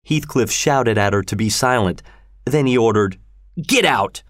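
A man narrating a classic novel in steady, measured audiobook storytelling. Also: lowish voice, dry recording, clean studio sound.

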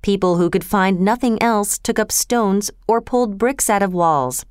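A woman reads a story aloud in a slow, measured way, each sentence placed with care. Her voice is smooth and resonant at a middling pitch. The sound is dry and close, with no room echo. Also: a little mellow. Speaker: narrator. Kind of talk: scripted storybook narration.

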